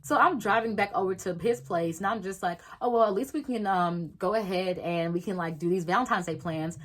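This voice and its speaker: A young woman vlogger telling a storytime, swearing freely and acting out everyone's lines in lively voices. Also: mid-range voice, a little fast, low-quality recording. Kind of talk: storytime vlog.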